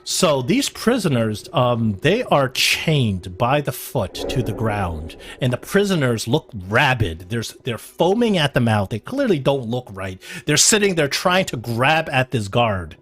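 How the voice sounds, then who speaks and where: A man narrating a tabletop game as game master, often pausing and restarting mid-sentence. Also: mid-range voice, sing-song, a bit bright. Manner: halting, with many restarts and fillers.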